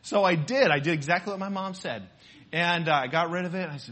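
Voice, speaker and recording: A male preacher delivers a sermon in a chatty, storytelling way. His voice sits high and bright with a husky grain. He keeps turning to the congregation with questions. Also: expressive, fast. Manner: conversational, asks the congregation questions. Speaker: pastor.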